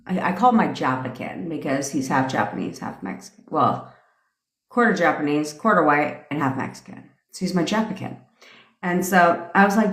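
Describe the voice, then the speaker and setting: A woman's voice: sits low, animated, normal speed. Brash, profane woman ranting in an echoey room. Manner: profane, brash and laughing, tangents and impressions. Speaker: manifestation coach hosting a live stream. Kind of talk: casual live-stream rant.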